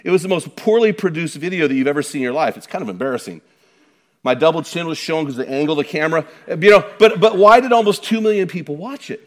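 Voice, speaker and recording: A middle-aged male pastor delivers a sermon with a slightly raised pitch. He talks in an emphatic, conversational way, pressing his points home and checking in with rhetorical questions. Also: lively intonation, fast.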